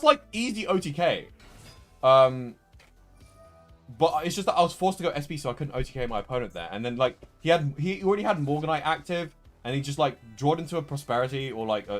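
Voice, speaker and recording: A young man streaming a card game live, talking through a loss with frustration and repeating himself. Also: on the high side. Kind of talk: live gameplay commentary.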